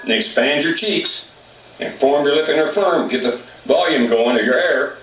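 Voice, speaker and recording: A man's voice: a little high, normal speed, roomy sound, recorded from a distance, music in the background, rough recording. A man teaching elk calling in a plainspoken, folksy way, with rural grammar. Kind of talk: outdoor hunting instruction.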